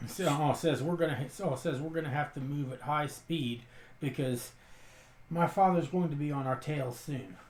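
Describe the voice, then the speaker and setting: A man's voice: fairly high pitch, normal speed. A man narrating his character's actions and words in a tabletop role-playing game. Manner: storytelling, quotes his character's lines. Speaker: tabletop player. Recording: echoey room with faint noise.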